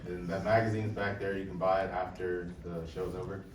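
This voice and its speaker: A man's voice: deep voice, little pitch movement, brisk, slight background noise. A young man presenting a talk to a live audience in a casual, joking way, speaking to the crowd directly. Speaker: poet and presenter. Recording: echoey room, voice heard from far off.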